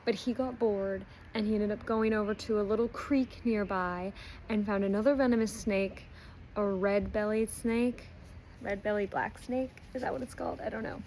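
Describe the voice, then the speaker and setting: Woman book reviewer, relaxed chatty storyteller, mid-pitched, loose with fillers. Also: normal speed, a little hiss or hum, poor audio. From not Australian. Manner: chatty retelling with frequent ums and likes. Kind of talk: casual book review chat.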